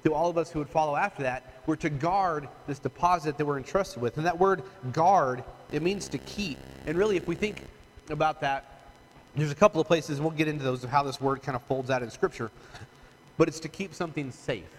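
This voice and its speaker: A man's voice: fairly high pitch, a little fast. A man preaching a conversational, emphatic sermon as pastor, often asking his listeners "right?". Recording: long hall reverb, faint room noise.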